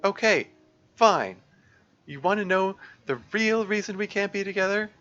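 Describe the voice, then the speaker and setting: A man's voice: high-pitched, a little fast, dull audio, soft background music, voice pushed up. A man voicing a despairing, tearful teenage girl while reading a visual novel aloud. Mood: resigned. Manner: tearful, sharp outbursts.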